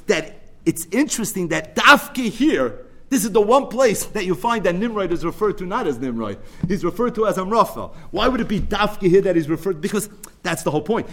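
Brief: man with a slightly high voice, animated storyteller teaching a Torah class, mixes Hebrew and Yiddish terms into his English. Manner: animated storyteller, swings between loud emphatic bursts and quiet asides. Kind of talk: Torah class retelling a midrash.

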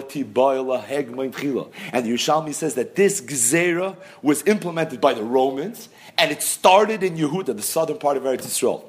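A man giving a Talmud lesson, explaining the text with emphatic questions and answers. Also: medium pitch. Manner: lively, emphatic teaching with rhetorical questions. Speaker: Talmud teacher. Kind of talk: daf yomi Talmud lecture.

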